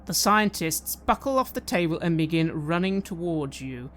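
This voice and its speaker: A woman's voice: fairly low pitch, expressive, moderate pace, a bit bright, slight background noise. A woman narrating a tabletop game as game master, describing scenes and asking players what they do. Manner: descriptive, occasionally hesitant.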